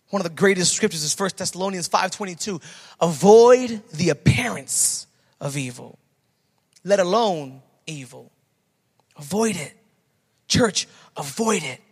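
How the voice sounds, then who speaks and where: A man's voice: sits high, a bit bright, breathy edge, long reverb tail. A man preaching a sermon as pastor, emphatic and repeating his key phrases to the church.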